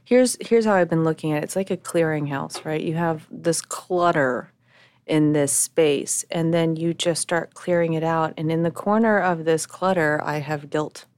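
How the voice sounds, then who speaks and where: A woman's voice: deep voice, moderate pace, a little mellow, clean tone. A middle-aged woman co-hosting a podcast, talking candidly and emotionally, often restarting her sentences as she searches for words. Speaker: podcast co-host.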